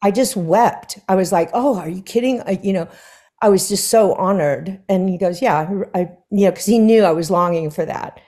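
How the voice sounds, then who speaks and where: A woman's voice: fairly low pitch, normal speed. A woman singer, a guest in an onstage conversation, telling anecdotes and acting out the quoted dialogue with bursts of laughter. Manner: animated storyteller who acts out quoted dialogue with laughs. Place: stage conversation before an audience.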